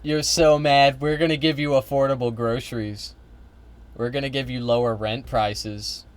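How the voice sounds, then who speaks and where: A man's voice: medium pitch, fairly even intonation, normal speed, clean tone. A man hosting a reaction video, blunt and incredulous, mocking what he hears. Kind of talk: casual reaction chat.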